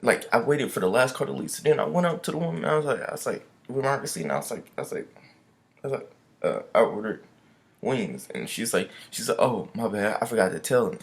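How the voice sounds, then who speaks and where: A man's voice: mid-range voice, lively intonation, fast talker, vocal fry. A young man vlogging a casual storytime rant, loose and chatty, full of "I was like" and slang.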